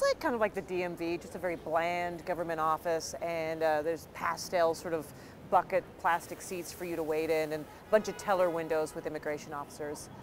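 A woman from Canada telling a personal story with an animated, self-deprecating comic delivery. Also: lowish voice, slight background noise.

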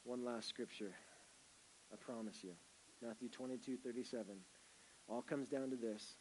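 A man preaching a sermon at an ordinary pitch, his emphatic delivery climbing loud on key words and falling back to a hush. A faint hiss sits under the recording. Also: fairly even intonation, normal speed, low-quality recording. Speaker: pastor.

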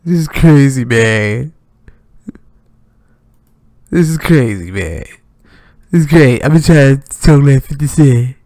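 A man hosting a casual reaction stream, excitable and profane, laughing often between comments. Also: mid-range voice, slow, long pauses, dry recording, studio quality. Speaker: reaction channel host.

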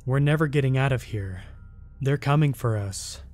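Brief: dazed teenage boy in a trance, flat and distant, read by a male narrator. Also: mid-range voice, normal speed, faint music behind, lightly acted. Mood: eerie calm.

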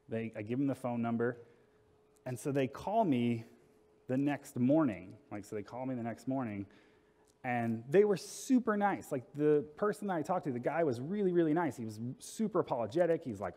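A man recounting a personal anecdote in a loose, chatty way, laughing through it and mimicking the people he talked to. His voice sits at an ordinary middle pitch. The recording carries a long reverb tail. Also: moderate pace, a little mellow. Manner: laughs through the telling, acts out quoted exchanges. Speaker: storyteller in a documentary. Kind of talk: casual anecdotal retelling.

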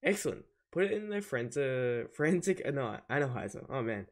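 A man's voice: medium pitch, very animated, moderate pace. Man reading as a stern penguin spy chief. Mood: businesslike. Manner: plain read-aloud game dialogue. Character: serious penguin agency chief, male.

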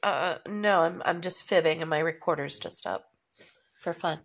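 A woman's voice: deep voice, normal speed, creaky, breathy edge. A young woman giving chatty, joking commentary while playing a video game and muttering to herself. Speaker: gamer recording a playthrough. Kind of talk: casual gameplay commentary.

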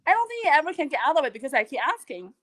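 A woman, a guest on a live video interview, telling stories in an animated, earnest way with many restarts. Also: high voice, racing. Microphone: video call.

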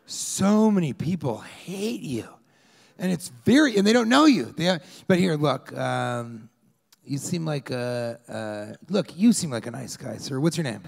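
A male stand-up comic on a club stage with a handheld mic, his somewhat high voice full of gravel. He rambles through his set, and his pitch swings wildly as he shouts out bits of crowd work and acts out fans yelling at him. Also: sing-song, unhurried. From Colorado, US. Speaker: stand-up comedian. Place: comedy club stage with a live audience.

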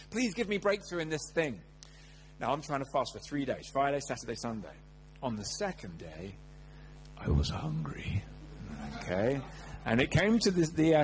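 A man's voice: on the high side, slight background noise, rough recording. A man preaching a sermon, telling personal stories with humor and acting out quotes. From England. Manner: animated, humorous, acts out quotes.

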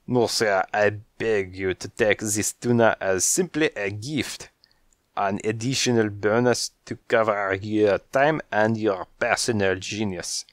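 A man reading an audiobook and voicing a courtly male French cat with a French accent, slow, elegant and persuasive. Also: fairly low pitch, steady tone, no room sound, clean studio sound, lightly acted. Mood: smooth, persuasive. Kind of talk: audiobook character voice.

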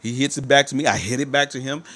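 A man's voice: mid-range voice, quick pace, bright, forceful tone. A man telling a personal story to his viewers, speaking emphatically and repeating that he is telling the truth. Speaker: motivational speaker.

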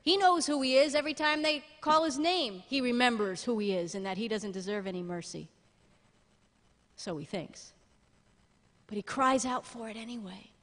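A middle-aged woman pastor preaching a sermon in an animated way, often laughing and building to loud emphatic peaks. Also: fairly high pitch, moderate pace. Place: church sanctuary. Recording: long church-hall reverb.

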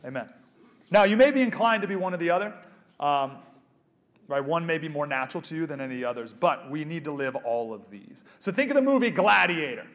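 A man in his thirties speaks to a live audience with a slightly high voice. He is animated, jokes with the crowd, and sometimes drops to a soft, hushed tone. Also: brisk. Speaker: speaker at a pro-life event. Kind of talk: live motivational speech to an audience. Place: event venue with a live audience.

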